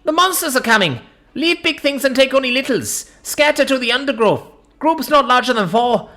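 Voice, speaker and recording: Woman playing a small alien villager shouting warnings. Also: high-pitched, expressive, moderate pace, pitched above the performer's own voice. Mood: alarmed. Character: small alien forest villager, urgent and protective.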